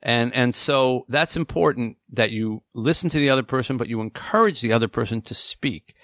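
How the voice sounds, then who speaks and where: A man in his forties co-hosting an advice talk show, speaking earnestly and slowing down to stress his key points. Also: mid-range voice, fairly bright tone, no room sound, clean studio sound. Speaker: co-host.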